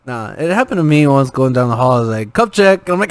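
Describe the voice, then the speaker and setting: A young man co-hosting a podcast, telling swear-filled stories in casual, animated chat. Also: mid-range voice, fast talker, clear, resonant tone, no echo. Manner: profane, animated storyteller. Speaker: podcast co-host.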